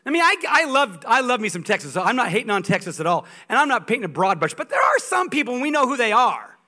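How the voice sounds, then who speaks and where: A guest preacher, a man with a high, bright voice, delivering a sermon through lively stories. He is humorous and emphatic, pressing his points home with a forceful ring. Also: fast. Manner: animated storytelling, humorous and emphatic.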